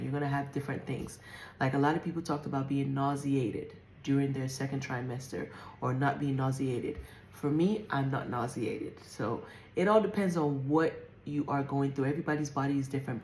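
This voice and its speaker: A woman in her forties talks through her pregnancy symptoms in a candid, rambling way, full of fillers and restarts. Her voice sits low, and she sometimes sounds slightly out of breath. The room around her is echoey. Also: a little mellow, a little hiss or hum. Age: 40s. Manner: chatty and candid, with many fillers and self-corrections. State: often out of breath. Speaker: vlogger. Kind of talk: casual pregnancy update vlog.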